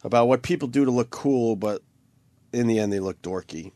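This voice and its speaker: A man's voice: medium pitch, a little fast, mellow, no echo. A man hosting a radio talk show, teasing his co-hosts with crude humor. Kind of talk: crude comedic radio banter.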